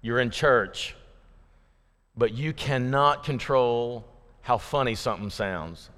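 A man's voice: mid-range voice, measured pace, sharp tone, smooth. A man preaching a sermon in a folksy, joking, conversational way to his congregation in a church. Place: church sanctuary. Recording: long reverb of a church hall.

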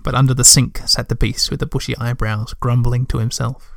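A man reading a storybook aloud with gentle, measured narration. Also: mid-range voice, flat delivery, creaky, no room sound, clean studio sound.

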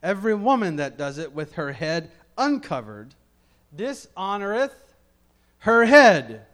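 A man's voice: high voice, sing-song, measured pace, a bit bright. A middle-aged man preaching a Bible-teaching sermon in a conversational way, with joking asides and key phrases repeated for emphasis.

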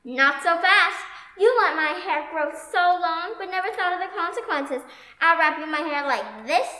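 A woman voicing a spirited young princess escaping a tower, talking in an animated, excitable way. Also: high voice, a little slow. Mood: excited. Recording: echoey room.

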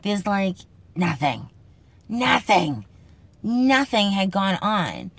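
A woman's voice: medium pitch, sing-song, slow, creaky, fairly bright tone, no echo. A woman with a Boston accent hosting a casual, comedic podcast monologue, brash and profane in a joking, tough-talking way. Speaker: podcast host.

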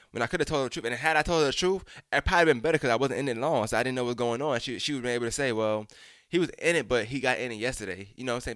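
Young man, quick casual storytelling, blunt and profane, dry close sound. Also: medium pitch, a bit bright, no echo. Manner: frank, profane, addresses listeners directly.

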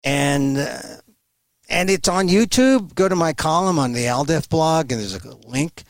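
Brief: male guest on a remote call, high-ish lively pitch, emphatic delivery, dry sound. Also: dry recording. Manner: emphatic, animated, halting restarts. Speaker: guest commentator. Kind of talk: remote interview.

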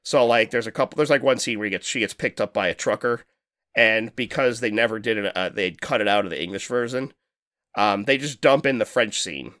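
A man's voice: fairly low pitch, brisk, a bit bright, no room sound, studio quality. Laid-back swearing podcast guy. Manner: rambling, swears a lot, laughs often. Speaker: podcast co-host. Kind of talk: casual chat.

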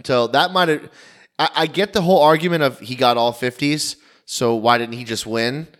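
A man with an ordinary mid-range voice talks sports with friends on a podcast. His tone is loose and relaxed, with casual swearing, and his asides often sink into a low mutter. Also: normal speed. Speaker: podcast co-host.

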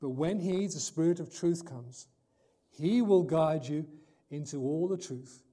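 Male preacher, higher-pitched mellow voice, emphatic sermon delivery with loud and soft swings. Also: a little slow. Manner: reads scripture aloud, corrects himself.

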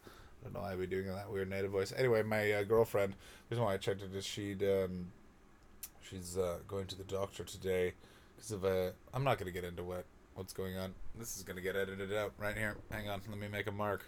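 A man's voice: low-pitched, level tone, fairly quick, a little hiss or hum. A man from Canada doing a rambling, profane comic monologue as a podcast host.

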